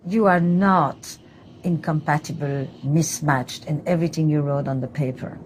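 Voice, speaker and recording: A woman therapist guiding a couples session, calm and direct, moving between French and English. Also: low voice, normal speed, slight background noise.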